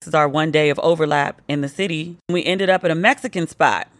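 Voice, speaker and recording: A woman's voice: low voice, quick pace, no echo. A woman hosting a podcast, tipsy and telling a playful story in a casual monologue, now and then mimicking her friends. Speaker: podcast host.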